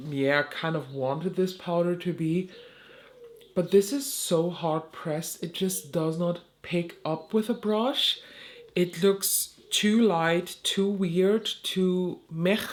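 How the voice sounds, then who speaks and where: Chatty woman. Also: sits low. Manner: chatty, rambling, laughs at herself. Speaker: beauty vlogger. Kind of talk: casual chat while doing makeup.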